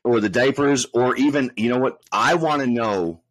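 A man's voice: mid-range voice, normal speed, hardly any pauses, no room sound, low-quality recording. A man in casual chat, wry and sarcastic, joking drily.

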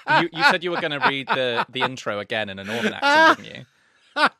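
A man's voice: fairly high pitch, huge pitch swings, a little fast, creaky, bright, forceful tone, no echo. A man co-hosting a podcast in casual chat, with dry, teasing wit. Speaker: podcast co-host.

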